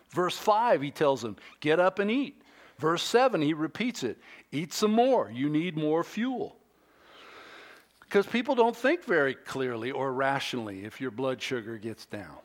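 A middle-aged male pastor delivering a sermon, shifting between animated, raised preaching and a quiet, intimate storytelling voice. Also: on the high side, unhurried.

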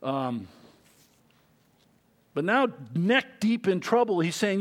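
Animated man preaching a sermon. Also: a little slow, pauses often. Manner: lively, conversational preaching with wide swings in pitch and loudness. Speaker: pastor.

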